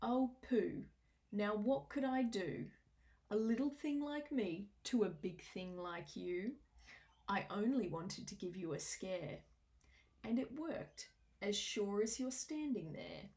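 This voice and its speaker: A woman's voice: medium pitch, expressive, slow, darkish tone. A woman voicing a cheeky little male mouse in a storybook, bold and teasing.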